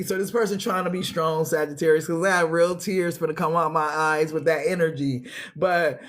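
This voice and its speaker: A man's voice: a little high, normal speed, fairly bright tone. A man giving a casual tarot reading, emotional and profane, often repeating words. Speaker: tarot reader.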